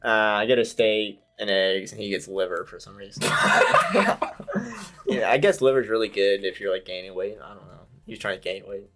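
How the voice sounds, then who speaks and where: A man's voice: lowish voice, fairly even intonation, moderate pace, fairly bright tone. A man in his twenties telling a long story as a podcast guest, rambling and laughing along. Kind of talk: casual storytelling.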